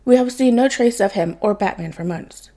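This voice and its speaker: A smug, teasing young vigilante who loves an audience and savors every reveal, as a woman reads him. The voice is mellow and soft-edged, with a theatrical, mocking manner in a story reading. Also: medium pitch, normal speed, natural voice. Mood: deadpan. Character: cocky young man posing as Batman.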